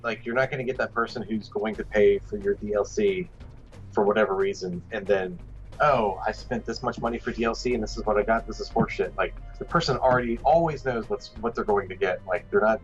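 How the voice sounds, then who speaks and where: A man's voice: lowish voice, a little fast, lo-fi sound, soft background music. A man co-hosting a casual gaming podcast, talking in a blunt, wry, offhand way. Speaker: podcast co-host.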